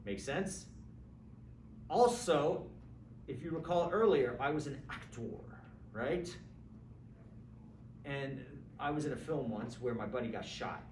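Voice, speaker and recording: A man's voice: mid-range voice, slow pace, long pauses. Man lecturing in a roomy classroom. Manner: lively, conversational, acts out examples with asides to students. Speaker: philosophy lecturer. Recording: roomy, distant mic with faint background hum.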